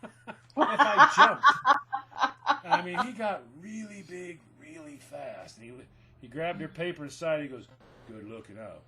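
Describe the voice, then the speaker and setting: Speaking a little slowly in a slightly high, sharp-toned voice, a middle-aged man co-hosts a relaxed podcast conversation. He's a joking storyteller who laughs a lot.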